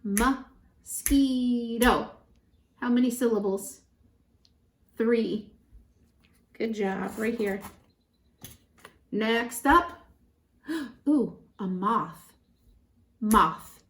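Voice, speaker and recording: A woman teaching a syllable game to preschool children, animated and encouraging, drawing out words slowly. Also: a little high, a little hiss or hum. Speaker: pre-K teacher. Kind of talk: children's lesson. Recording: echoey room.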